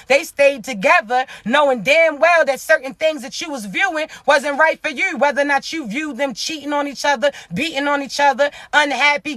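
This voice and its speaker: Woman, spiritual reader, very high tense voice, blunt and preachy with cursing. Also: sharp tone, no echo, clean studio sound. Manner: acts out imagined people's words. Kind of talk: casual motivational monologue.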